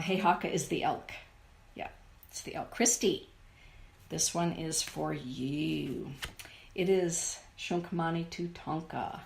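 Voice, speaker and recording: Middle-aged woman, card reader, low voice, very slow soothing delivery. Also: gravelly, darkish tone. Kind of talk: live oracle card reading to viewers.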